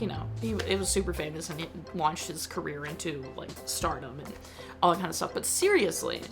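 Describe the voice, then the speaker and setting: A young woman vlogger ranting in casual chat about a movie, animated and exasperated, with lots of filler words. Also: on the low side.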